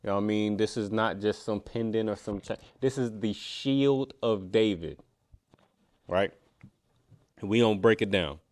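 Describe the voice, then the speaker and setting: A man's voice: fairly low pitch, measured pace, a little mellow. A man teaching a scripture class, preaching conversationally and emphatically, often saying "you know what I mean". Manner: challenging, emphatic. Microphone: computer mic, screen sharing.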